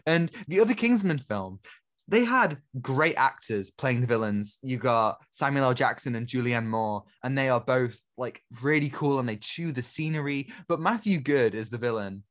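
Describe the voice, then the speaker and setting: A man's voice: mid-range voice, expressive, moderate pace, a bit bright. A man co-hosting a film podcast, giving opinions in a casual, conversational way. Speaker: podcast co-host. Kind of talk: casual chat.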